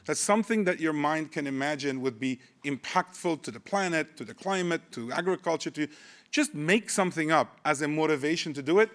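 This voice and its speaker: A man's voice: fairly high pitch, fairly bright tone. A man in his sixties giving a conference keynote, conversational and wry, often restarting his phrases. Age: 60s. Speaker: keynote speaker.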